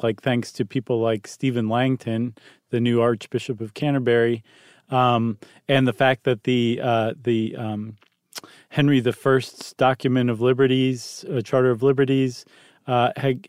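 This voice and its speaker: A man's voice: mid-range voice, darkish tone, smooth, dry recording. A man co-hosting a podcast, talking casually through history with many ums and dry jokes. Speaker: podcast co-host.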